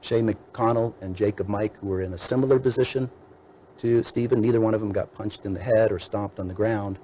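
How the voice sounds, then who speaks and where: A man as defense attorney giving a measured, methodical courtroom mitigation argument, laying out point after point. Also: fairly low pitch, fairly even intonation, dark tone, a little hiss or hum, poor audio.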